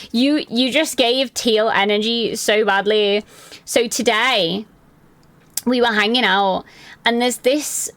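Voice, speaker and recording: A woman's voice: on the high side, slow, long pauses, a bit bright, no echo. A young woman streaming live from her room at home, chatting loosely and answering her chat by name.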